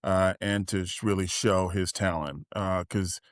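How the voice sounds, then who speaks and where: A man in his forties, a podcast guest, telling animated stories in casual chat and acting out the quotes of other people. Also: sits low, unhurried, dry recording, studio quality. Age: 40s. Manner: animated storyteller, acts out quotes, laughs while talking.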